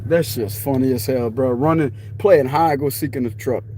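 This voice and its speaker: A man's voice: medium pitch, moderate pace, mellow. A man rambling and laughing to viewers while out at night near his truck, swearing freely, sweaty and out of breath. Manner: giggly, profane, loose slang. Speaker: vlogger. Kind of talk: rambling casual talk to viewers. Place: in and around a truck outdoors at night. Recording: street noise outdoors.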